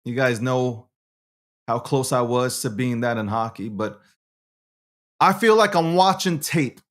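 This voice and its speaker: A man hosting his own show alone, talking brashly with lots of swearing, swinging from low muttering to loud ranting. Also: measured pace. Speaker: show host. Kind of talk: animated solo monologue.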